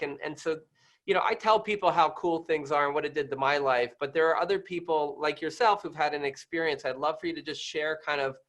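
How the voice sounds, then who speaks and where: A man guest who is a doctor, chatting casually in a rambling, halting way with many restarts. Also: a little high, fairly bright tone. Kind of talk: casual interview chat.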